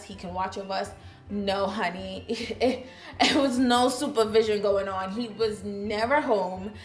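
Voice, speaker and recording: A woman with a Trinidadian accent tells a personal story in casual vlog style, her pitch sitting mid-range. She is chatty and sassy, throwing asides to the viewers. The room has a noticeable echo, with faint music under her voice. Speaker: vlogger.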